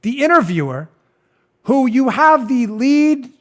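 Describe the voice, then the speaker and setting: A man's voice: very high voice, sing-song, takes it slowly, fairly bright tone. A man hosting a political talk show, giving sarcastic, mocking commentary into a studio mic and laughing at his own jabs. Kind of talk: opinionated commentary.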